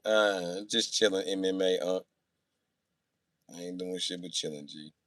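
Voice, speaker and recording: Young male streamer, brash and crude, lowish voice with a bright, punchy edge. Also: a little slow, dry recording, studio quality. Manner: profane, boastful storytelling; swings between loud outbursts and low mutters. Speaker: livestreamer reading chat. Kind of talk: casual live-stream chat.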